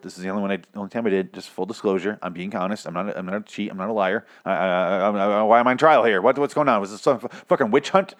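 Young guy ranting through a tv recap, cussing a lot, trips over words and laughs at himself. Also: lowish voice. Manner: rambling, profane, self-mocking, stumbles over words. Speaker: TV recap podcaster. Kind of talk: casual recap monologue.

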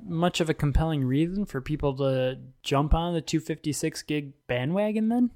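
A man's voice: a little high, moderate pace, a little mellow. A man co-hosting a podcast in casual tech chat, telling loose anecdotes peppered with "like". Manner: loose, chatty anecdotes full of "like". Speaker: podcast co-host.

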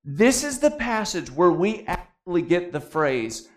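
Young male pastor, fairly high voice, easygoing sermon delivery with dry jokes. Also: big pitch swings, a little slow. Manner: conversational preaching with humorous asides.

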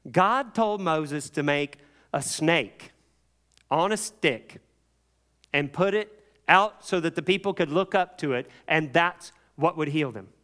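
A man preaching a sermon, telling the story with animated voices for the people in it. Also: fairly high pitch, takes it slowly.

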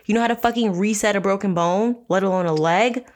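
A woman's voice: medium pitch, a little fast. A woman hosting a true crime podcast. She reads from a book aloud and breaks off into blunt, sarcastic, profane commentary. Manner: blunt, sarcastic, swears freely. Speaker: podcast host.

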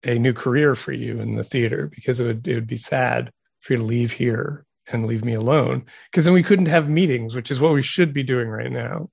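A man's voice: medium pitch, a little fast, gravelly, hardly any pauses, darkish tone, husky, no echo, studio quality. A man from Saskatchewan co-hosting a comedy podcast, playing the wry straight man. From Saskatchewan, Canada. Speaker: podcast co-host. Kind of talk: comedic banter.

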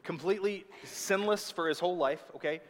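A man's voice: sits high, brisk. A man preaching a sermon with emphatic delivery, often checking in with his listeners. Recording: long hall reverb.

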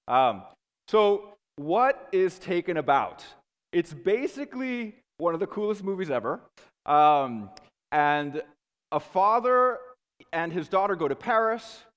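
Lively male lecturer in an echoing hall. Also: fairly high pitch. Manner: lively and conversational, checks in with listeners often. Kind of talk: classroom lecture.

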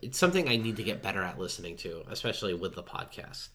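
A man with a fairly low voice talks loosely on a podcast. He rambles and leans on fillers as he chats with his co-host. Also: big pitch swings, fast, sharp tone, slight background noise. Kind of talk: casual chat.

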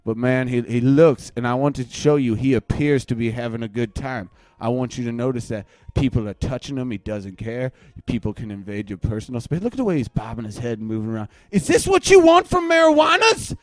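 A man's voice: mid-range voice, brisk, hardly any pauses, dry recording. Bombastic ranting man, dry sound. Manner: bombastic, erratic swings from muttering to shouting. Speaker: mock livestream ranter. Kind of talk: satirical ranting webcast.

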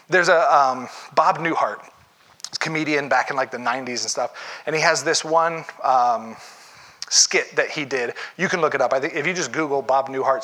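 A man preaching a sermon as a pastor, talking it through conversationally with rhetorical questions and quick restarts. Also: mid-range voice, bright, forceful tone.

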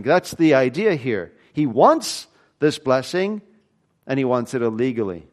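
A man preaching a sermon, reading scripture aloud and explaining it, swinging between loud emphatic stretches and quiet low passages. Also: big pitch swings, unhurried.

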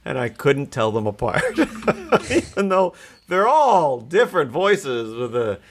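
Male guest, animated pitch, playful and teasing. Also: takes it slowly, a little hiss or hum. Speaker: podcast guest. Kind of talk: casual chat.

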